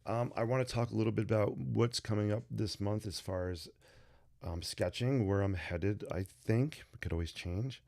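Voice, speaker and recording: Low gravelly guy with a sinus cold, tired, rambling casually to his live viewers. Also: moderate pace, a little mellow. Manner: loose, unrehearsed, chatty with viewers. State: tired, stuffy from sinus trouble. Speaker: sketching livestream host. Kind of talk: casual livestream chat. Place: home desk. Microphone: desk microphone.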